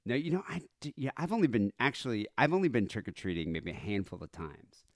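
A man's voice: on the low side, fast, no echo. Guy from south africa chatting on a podcast, voice bounces all over, dry close mic. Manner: animated storyteller, frequent restarts. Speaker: podcast co-host. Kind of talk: casual chat.

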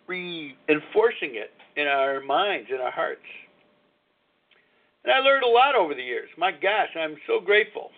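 A middle-aged man hosting a live recovery call-in show, talking in a frank, reflective, confessional way. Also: on the high side. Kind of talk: candid personal talk on live radio. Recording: narrow phone-like lo-fi line.

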